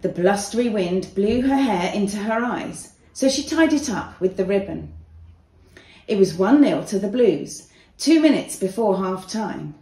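Slow, expressive woman reading a children's story. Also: mid-range voice. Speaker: author reading her book. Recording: roomy echo.

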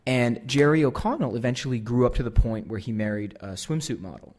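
A man's voice: medium pitch, a little fast. Self-mocking American man telling stories. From United States. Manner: animated, self-deprecating, acts out the dialogue. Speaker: guest speaker. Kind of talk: comic storytelling to a live audience.

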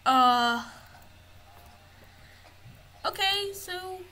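A woman's voice: extremely high pitch, animated, very slow, pushed and bright, a little hiss or hum, poor audio. A woman giving casual gameplay commentary, narrating what she finds as she explores. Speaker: gamer.

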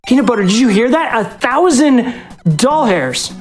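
A speedrunner at a live event stage giving a dog short coaxing commands and chatting excitedly about the run. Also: mid-range voice, moderate pace, soft background music.

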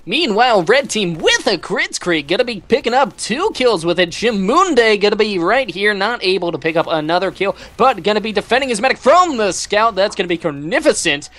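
A commentator calling a video game match with rapid play-by-play, saying "gonna be" constantly. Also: mid-range voice, sing-song, fairly bright tone. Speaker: esports commentator.

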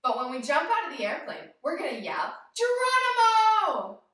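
A woman's voice: high-pitched, very animated, fairly quick, pushed and bright, very echoey, distant mic. A woman leading a playful yoga lesson for young children, talking straight to them in a sing-song way. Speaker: kids yoga teacher.

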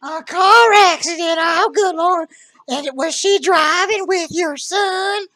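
A woman playing a slow, sweet-talking old lady. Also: very high voice, pushed and bright, no room sound, full character voice. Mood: chatty sweet. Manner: drawling, calls him sweetheart and honey. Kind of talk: prank phone call role-play.

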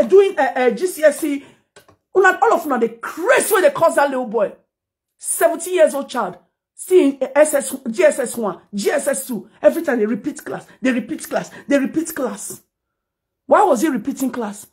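A middle-aged woman with a Nigerian accent speaks in a somewhat high voice. She rants on a livestream in a heated, accusing way, sliding between English and pidgin. Her voice often climbs into shouts. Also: lively intonation, moderate pace. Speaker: social media commentator. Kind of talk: angry livestream rant.

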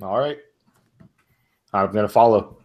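A man playing in a tabletop game, describing his actions calmly. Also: on the low side, measured pace, muffled recording. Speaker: player. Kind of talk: casual chat at a game table.

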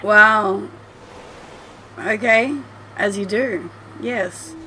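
Extremely slow and pushed, with a bright mid-range voice, a woman commentates her gameplay from home over slight background noise. In this let's play, the streamer chats away, cursing freely and addressing the game directly.

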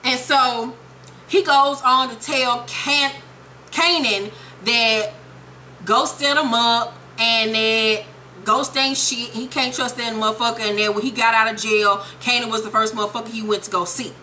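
A young woman giving a profane, animated comedic recap of a TV episode and quoting the characters in quick voices. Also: fairly high pitch, a little hiss or hum. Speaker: TV show recapper.

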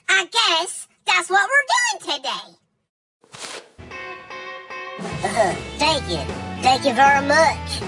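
A man's voice: very high-pitched, gravelly, full character voice. A man voicing a goofy, childlike, overdramatic adult in a comedy sketch, prone to shrieking outbursts. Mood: silly. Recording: background music under voice.

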